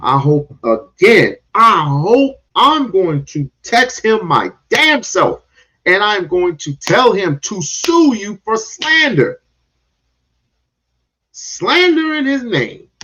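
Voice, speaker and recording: A man's voice: high voice, big pitch swings, slow, sharp tone, breathy edge, poor audio. A man giving heated, confrontational reaction commentary, cursing and repeating himself to drive points home.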